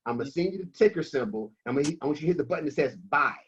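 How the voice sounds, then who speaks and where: A man's voice: fairly high pitch, rapid-fire, slightly rough. Emphatic preachy man on a video call. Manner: emphatic, preachy, slangy and energetic. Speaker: financial coach guest. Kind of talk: animated motivational talk on a video call. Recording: dull lo-fi call audio.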